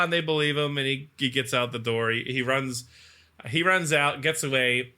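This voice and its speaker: A man co-hosting a podcast, casually retelling a movie's plot and acting out its lines in quick mock voices. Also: medium pitch, pushed and bright. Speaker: podcast co-host. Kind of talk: casual movie recap chat.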